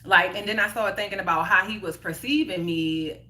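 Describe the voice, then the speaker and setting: A woman in her thirties tells a personal story in a casual, chatty way. Her voice is bright and forward, and it sits at an everyday pitch. She acts out the quoted lines with animated jumps in her delivery. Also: a little fast. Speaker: host.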